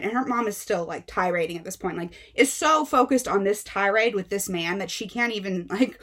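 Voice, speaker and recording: Animated young woman book vlogger. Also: mid-range voice, moderate pace. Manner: animated, exasperated retelling with many fillers. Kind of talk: casual storytelling.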